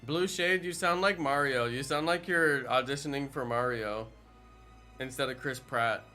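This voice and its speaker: A man's voice: medium pitch, normal speed, sharp tone, faint music behind. A man in his thirties chatting casually on a live stream while gaming, joking and answering chat questions.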